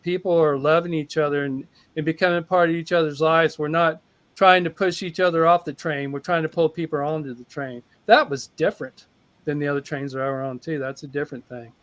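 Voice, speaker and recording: A man's voice: on the high side, a bit bright, dry recording. A man giving an emphatic, heartfelt personal testimony that builds with repetition. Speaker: testimonial speaker.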